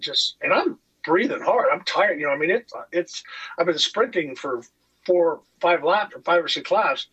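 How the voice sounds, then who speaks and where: A man from California, a former motocross racer, telling racing stories in a casual podcast chat, animated and swearing freely. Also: fairly high pitch, normal speed, breathy edge, rough recording. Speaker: guest, retired motocross racer.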